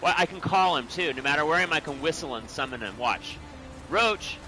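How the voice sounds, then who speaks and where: A man chatting excitedly to viewers while playing a video game. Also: fairly high pitch, fast talker, slight background noise. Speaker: game streamer. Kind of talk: casual gameplay commentary.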